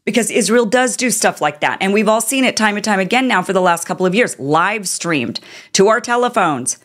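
A woman's voice: mid-range voice, animated, fairly quick. A woman hosting political commentary, talking in an indignant, sarcastic way. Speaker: commentary host.

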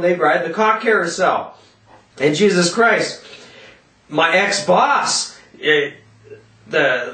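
A man ranting loudly in a vlog, cursing constantly and yelling as he talks, in a roomy echo from a distant mic. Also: high-pitched. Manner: profane, loud, yelling rant. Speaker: vlogger.

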